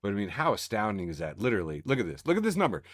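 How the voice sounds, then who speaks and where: A man co-hosting a casual podcast, sarcastic and animated, often breaking into laughter. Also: on the low side, rapid-fire, dry recording, clean studio sound. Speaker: podcast co-host reading the news. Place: home studio on a video call.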